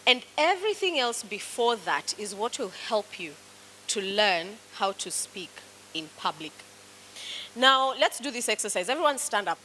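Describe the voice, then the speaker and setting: Here a woman with a Kenyan accent runs a public speaking class, slowly leading students through exercises and encouraging them as she gives instructions. Her medium-pitched voice is sing-song, pushed and bright, captured on a rough recording with slight background noise.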